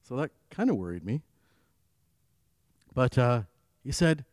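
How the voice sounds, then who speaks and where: A man giving an earnest devotional sermon, telling his own story and swinging between firm emphasis and quiet asides. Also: medium pitch, big pitch swings, unhurried, no echo. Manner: earnest, rising on key phrases and dropping to quiet asides. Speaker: preacher. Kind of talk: devotional sermon with personal testimony.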